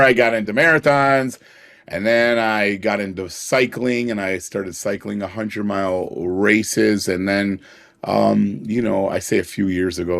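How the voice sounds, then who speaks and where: Deep gravelly middle-aged man. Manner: earnest, chuckles as he tells his stories. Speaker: podcast guest. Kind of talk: personal storytelling in a conversation.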